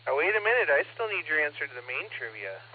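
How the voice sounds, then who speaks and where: A man speaks quickly over a tinny radio link with a faint hiss behind him. He runs the net in a brisk, friendly way and teases the callers. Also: a little high, big pitch swings. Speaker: net control.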